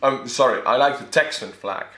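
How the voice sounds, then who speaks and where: Estonian YouTuber, animated reactions, bright tone, roomy echo. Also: male voice, medium pitch, moderate pace. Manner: animated, exclamatory asides. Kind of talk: reaction commentary. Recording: echoey room.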